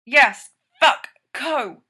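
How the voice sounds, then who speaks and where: A woman reads an excitable, wisecracking young man who pitches his voice up and blurts his lines in eager, breathless bursts, much brighter than the narration around him. The story is read aloud at a slow overall pace. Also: exaggerated voice. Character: excitable wisecracking male character, quick and breathless.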